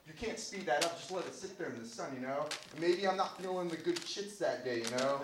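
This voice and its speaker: This comic's voice leans high and moves fairly quickly as he rambles, swears often and pokes fun at himself during an open-mic stand-up set. The crowd laughs along, and the mic picks it all up from far back in a reverberant room with a little background noise.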